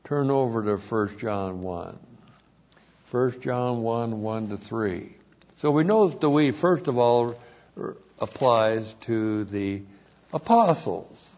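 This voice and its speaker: Slow, emphatic male Bible teacher. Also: mid-range voice, animated, darkish tone, lo-fi sound. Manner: slow, emphatic, repeats key words.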